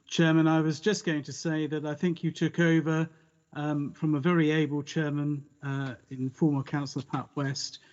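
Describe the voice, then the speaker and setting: A man speaking as a councillor in an online meeting, formal and deliberate. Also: on the high side, darkish tone. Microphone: video call. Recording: dull call audio with long reverb.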